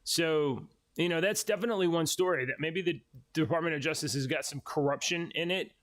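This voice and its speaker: A man's voice: on the high side, a little fast, fairly bright tone. A man co-hosting a casual podcast chat, hedging and arguing his points with many restarts. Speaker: podcast co-host.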